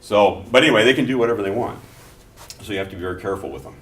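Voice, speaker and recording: Deep-voiced middle-aged man lecturing a class. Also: very fast, a bit bright. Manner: conversational, telling anecdotes between explanations. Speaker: instructor. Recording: echoey classroom from far off, faint noise.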